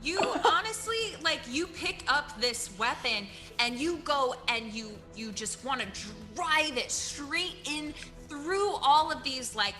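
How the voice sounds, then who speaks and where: A woman's voice: high voice, expressive, slow pace, bright, forceful tone, soft background music. A woman narrating as game master of a tabletop game, playful and vivid in her descriptions.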